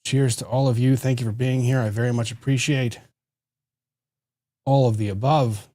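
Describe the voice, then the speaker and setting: A man hosting a live stream in a loose, chatty, self-deprecating way. His voice is dark and mellow, close on a desk microphone in a dry room with no echo. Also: medium pitch, fairly even intonation, normal speed. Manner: chatty, self-deprecating, reads chat aloud. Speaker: livestream host. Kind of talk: casual livestream chat. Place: small home studio room.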